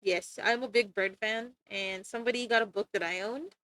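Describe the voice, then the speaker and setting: A woman's voice: medium pitch, fairly even intonation, moderate pace, pushed and bright, no room sound. A woman chatting casually to her viewers while streaming art, bubbly and laughing often. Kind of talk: casual livestream chat.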